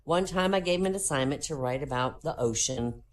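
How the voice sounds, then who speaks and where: A woman's voice: low-pitched, lively intonation, a little fast. A woman in her sixties doing stand-up jokes in an online voice comedy room, chuckling at her own punchlines. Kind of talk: stand-up joke telling.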